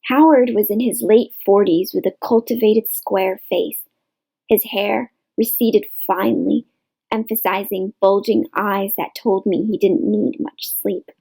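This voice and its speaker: A woman reading a novel aloud in measured literary narration, in a rough home recording. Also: medium pitch, steady tone, dark tone, low-quality recording. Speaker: audiobook reader.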